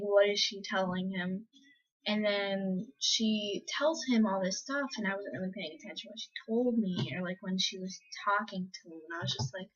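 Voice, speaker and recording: A teenage girl vlogging, telling a story casually with many fillers and acted-out quotes. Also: mid-range voice. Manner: chatty, lots of "like" and "um", acts out quotes. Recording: slightly dull lo-fi audio.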